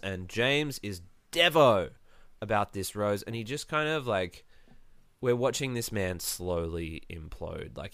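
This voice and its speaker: A man's voice: on the low side, a bit bright, clean tone, no echo. A man hosting a podcast, casually recapping a reality show with wry, dry asides. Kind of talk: casual chat.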